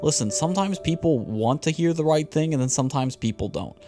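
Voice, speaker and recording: A young man hosting a casual motivational podcast, talking in an animated, slangy way with lots of repeated words. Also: fairly high pitch, a little fast, over music. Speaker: podcast host.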